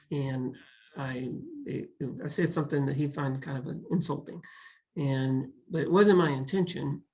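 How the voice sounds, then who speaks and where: A man hosting a college webinar who talks in a reflective way, with many pauses and restarts. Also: on the high side, low-quality recording. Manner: reflective, speaks in halting restarts. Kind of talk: casual webinar talk.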